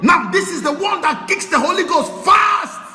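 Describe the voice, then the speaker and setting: A Nigerian man preaches with fire, lurching from shouted declarations to low, hushed warnings. His voice is high and bright and leaps all over its range. The sermon rings through a large hall with long reverb. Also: animated, moderate pace, music in the background. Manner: fiery, swings between shouting and hushed tones.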